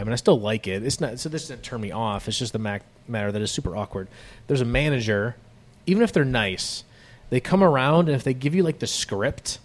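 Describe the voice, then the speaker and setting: Man, middle-aged, podcast host, animated, swooping intonation. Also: medium pitch. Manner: animated, acts out customer-service voices. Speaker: podcast host, business owner. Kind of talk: casual chat.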